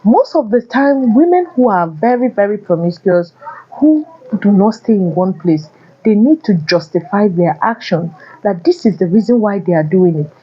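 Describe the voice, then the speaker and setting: A woman's voice: medium pitch, animated, moderate pace, slightly rough, lo-fi sound. A woman vlogger giving blunt, repetitive relationship warnings addressed to men. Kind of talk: casual advice monologue.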